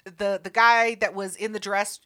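A young woman telling a story in casual chat, animated and profane, acting out voices. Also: mid-range voice, a little slow.

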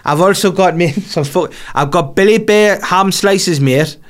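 A man's voice: sits high, unhurried, pitched above the performer's own voice. A man doing a boozy rambling footballer bloke. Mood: rowdy. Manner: slurred, says mate after every phrase. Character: boozy rambling male footballer offering snacks.

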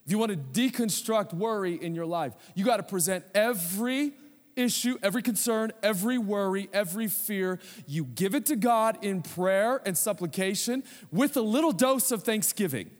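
A man's voice: sits high, animated, normal speed, long reverb tail. A man preaching a sermon as pastor, telling a humorous story with conversational asides.

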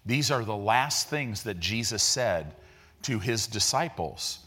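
A man's voice: on the low side, expressive, slow pace, bright, forceful tone, slightly rough. A man preaching a sermon as a pastor, talking in a conversational way with slang and vivid retellings.

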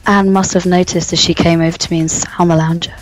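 Hoarse, gruff woman reading crudely. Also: on the low side, little pitch movement, faint music behind, poor audio. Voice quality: gruff, strained voice, posh-sounding. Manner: crude, teasing, reads in slow deliberate tones. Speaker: podcast co-host. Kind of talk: casual podcast banter, mock-erotic reading.

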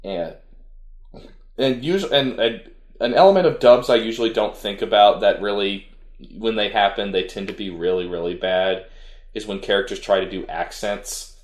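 A man with a low, deep voice talks casually through a review, circling back and restarting his sentences as he goes. The room around him is roomy and echoey. He sounds like a podcast co-host thinking out loud. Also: normal speed. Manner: rambling, with frequent restarts. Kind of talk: casual chat reviewing an anime.

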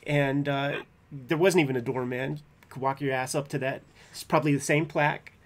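A man's voice: medium pitch, fairly even intonation, moderate pace. A man hosting a casual interview, laid-back and encouraging. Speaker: podcast host.

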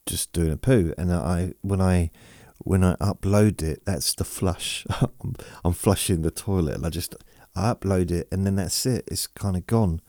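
A man's voice: sits low, measured pace, hardly any pauses, dark tone, no room sound, clean studio sound. A man hosting a sleep podcast, rambling and self-mocking as he reads listener messages aloud. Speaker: podcast host.

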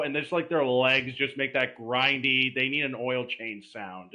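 Bright-voiced man telling crude stories. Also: on the high side, a little fast, low-quality recording. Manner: bawdy, animated storytelling with shouted punchlines. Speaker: podcast guest. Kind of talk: casual crude podcast chat.

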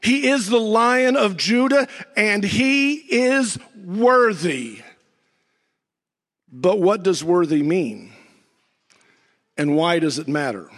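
A man pastor preaching a sermon, swinging from near-shouts down to low, slow emphasis with dramatic pauses. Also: animated, big-room sound.

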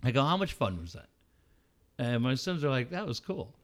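Bantering on a radio show, a middle-aged co-host tells a story in a mid-range voice at normal speed. He performs each line of dialogue with animation and doesn't hold back on swearing.

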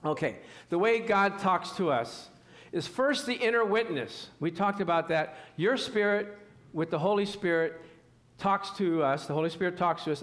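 A man preaching a sermon, animated and acting out scripture scenes as he teaches. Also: fairly high pitch.

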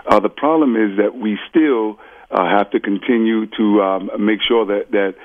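A man from the Bronx calls in as a guest and speaks earnestly, stopping and restarting with many fillers. His voice sits low and comes through a thin, phone-like line. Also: normal speed. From the Bronx, New York. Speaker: guest, borough official. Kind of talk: live call-in interview. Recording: phone-line call-in audio.

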